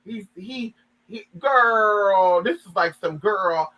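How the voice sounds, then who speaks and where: A man's voice: sits high, takes it slowly, pushed and bright, rough recording. A man giving sassy, dramatic gossip commentary, reading a story aloud and reacting to it.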